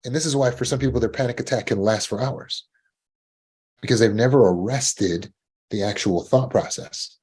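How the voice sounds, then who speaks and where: Guy with a husky voice explaining panic attacks like a coach, slips into worried inner-voice bits, repeats words. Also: mid-range voice, normal speed, darkish tone. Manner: acts out anxious inner voices in a rising, pleading tone; repeats words when restarting. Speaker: trauma recovery coach. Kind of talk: teaching talk.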